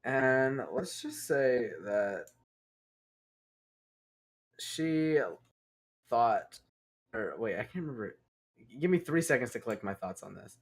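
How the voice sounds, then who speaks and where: Rambling through a story as he plays a game, this young podcast host swears freely, restarts himself, and laughs. His mid-range voice is expressive, and he speaks slowly with frequent pauses.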